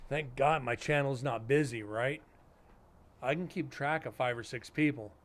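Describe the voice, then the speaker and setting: A man's voice: medium pitch, normal speed. A man streaming live, chatting casually with viewers in a blunt, sarcastic way and swearing freely.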